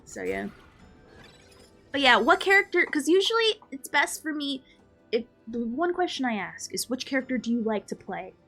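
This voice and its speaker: A woman live streaming a game, chatting casually with her viewers in an animated, playfully ranting and mock-scolding way. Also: fairly high pitch. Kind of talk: casual gaming stream chat.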